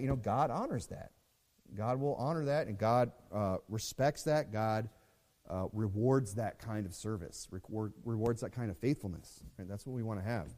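A man's voice: mid-range voice, warm tone, in a large hall. A man teaching a Bible study in a loose, conversational way, repeating words and reading scripture aloud.

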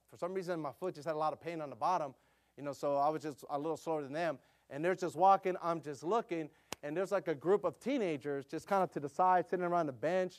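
A middle-aged male preacher delivers a relaxed, story-driven sermon, speaking at a slightly higher pitch than most men. His talk is full of "you know" fillers, and he grows louder and more animated whenever he gets excited.

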